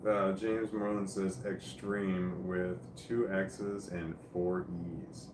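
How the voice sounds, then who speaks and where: A man with a Midwestern accent drawls through the chat on his livestream, slow and mumbling, high and drowsy. His voice sits a little low. The room around him echoes. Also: level tone, noisy background. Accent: American Midwestern. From American Midwest. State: high and tired. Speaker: livestream host reading chat.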